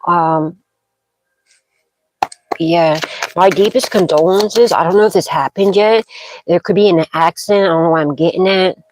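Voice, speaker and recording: A woman's voice: lowish voice, moderate pace, pauses often, noisy background. A woman doing a tarot card reading, rambling from card to card and checking in with "okay?" as she makes dramatic intuitive pronouncements. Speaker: tarot reader.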